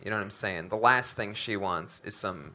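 A man hosting a live comedy podcast on a club stage, talking in a chatty, halting way. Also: on the low side, pushed and bright. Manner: chatty, halting, quick laughs. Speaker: podcast host.

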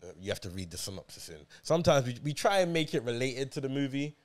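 A man's voice: mid-range voice, very animated, quick pace. A man co-hosting a film review podcast, laid-back and slangy in casual chat. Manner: laid-back, slangy, repeats "you hear me".

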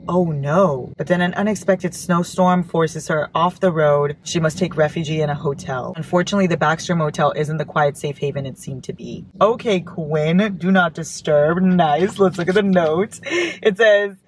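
Excitable woman in her car gushing over books, squeals a lot. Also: low-pitched, moderate pace, slight background noise. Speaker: book vlogger opening fan mail. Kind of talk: casual chat. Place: inside a parked car.

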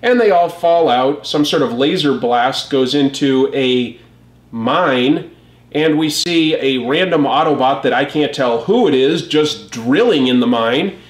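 A man's voice: medium pitch, unhurried, reverberant. A man hosting a comic review channel, giving wry, amused casual commentary.

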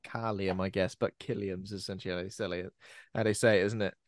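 A man's voice: deep voice, steady tone, fairly quick, dry recording, clean studio sound. A man co-hosting a podcast, talking casually and playfully about a film, often riffing. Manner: playful, riffs with silly put-on quotes. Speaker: podcast co-host. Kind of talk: casual film review chat.

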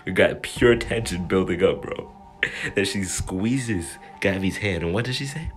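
A young man giving excited, slangy anime reaction commentary, joking and breaking into yells. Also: sits low, a little slow, soft background music. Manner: hyped, slangy, jokey, bursts into yells. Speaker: anime youtuber.

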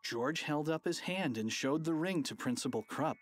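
A playful, expressive narrator reading a children's audiobook. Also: mid-range voice, moderate pace, slight background noise.

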